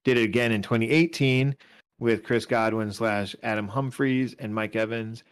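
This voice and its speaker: A man's voice: medium pitch, steady tone, moderate pace, smooth. Rambling man talking football stats. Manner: rambling, self-correcting, talks through stats. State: a little tired. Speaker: fantasy football podcast co-host. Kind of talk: casual chat.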